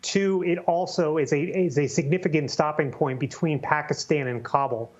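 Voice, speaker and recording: Man, news reporter, deliberate answers, dull muffled sound. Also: fairly high pitch. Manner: deliberate, with fillers and repeats. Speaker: newspaper reporter guest.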